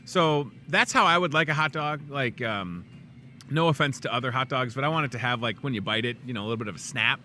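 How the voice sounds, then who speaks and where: Man, talk show host, from the Chicago suburbs, rambling, jokey, very bright voice, faint store hum. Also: medium pitch, quick pace. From Chicago suburbs, USA. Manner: rambling and jokey, chatty asides. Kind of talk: casual live talk show chat. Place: inside a grocery store.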